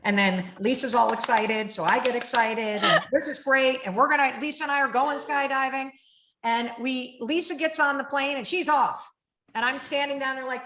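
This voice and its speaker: A middle-aged woman hosting an interview, telling stories in an animated, vivid way. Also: high voice, a little fast. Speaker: host. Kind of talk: conversational interview. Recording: roomy echo.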